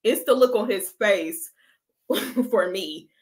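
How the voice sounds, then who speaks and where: A woman's voice: medium pitch, lively intonation, takes it slowly. A woman runs a casual reaction stream, speaking to her viewers in loose slang. She laughs often and keeps the chat going between clips. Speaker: reaction video host.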